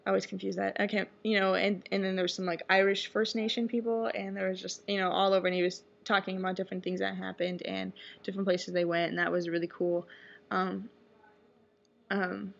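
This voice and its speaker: A woman's voice: medium pitch, level tone, brisk, gravelly. A young woman telling a rambling personal story in a casual vlog, full of fillers and little asides. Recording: dull lo-fi webcam audio.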